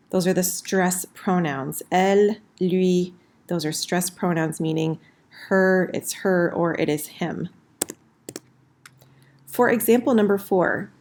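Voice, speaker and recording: Woman teacher, lowish voice, casual explainer, slows for examples, typing in the background. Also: darkish tone, slight background noise. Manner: friendly, slows down for example phrases. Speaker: French teacher. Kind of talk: casual recorded lesson at a whiteboard.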